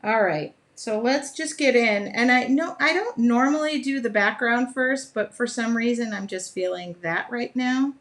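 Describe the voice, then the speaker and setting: Woman, middle-aged, fairly high voice, chatty, laughs a lot, live craft demo host. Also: measured pace, hardly any pauses, fairly bright tone. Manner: chatty, laughs often, talks while working. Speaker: art journaling host.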